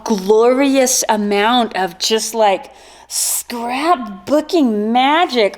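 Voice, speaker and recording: A woman with a somewhat high voice chats through an unboxing. She is bubbly and giggly and rambles with lots of filler words. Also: slow. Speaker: corset maker and vlogger. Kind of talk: casual unboxing chat.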